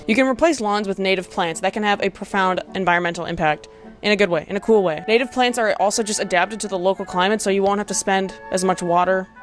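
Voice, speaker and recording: A young woman ranting to camera in a sarcastic, profane, exasperated commentary vlog, breaking into laughs. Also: medium pitch. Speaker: video essayist.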